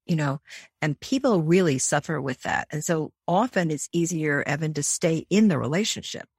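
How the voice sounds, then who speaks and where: A woman's voice: low-pitched, animated, normal speed, a little mellow, husky, dry recording, studio quality. A woman therapist and author in an interview, telling case stories vividly and acting out the people she quotes. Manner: vivid storyteller who acts out quoted voices.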